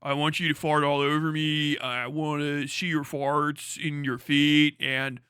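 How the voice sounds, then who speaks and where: A man's voice: a little high, level tone, unhurried, bright, forceful tone, smooth, no echo, clean studio sound. A man doing a mocking impression of a male YouTuber, mumbling a hesitant apology. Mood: sheepish. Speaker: streamer.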